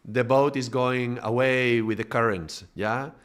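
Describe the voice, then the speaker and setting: A man giving a live spiritual talk at an ordinary pitch. He explains through long metaphors and keeps checking in with his listeners. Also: fairly even intonation, measured pace, smooth. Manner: builds extended metaphors, checks in with tag questions. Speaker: spiritual teacher.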